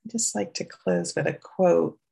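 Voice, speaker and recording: The speaker is a meditation teacher from New York by accent, leading a gentle, unhurried loving-kindness meditation and inviting listeners to follow. Their medium-pitched voice is husky with vocal fry.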